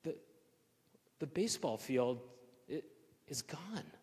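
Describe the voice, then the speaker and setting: A man's voice: on the high side, big pitch swings, slow, a little mellow. A man in his forties telling a personal story at a live story slam, emotional and repeating phrases for emphasis. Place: synagogue hall at a live event. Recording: long hall reverb.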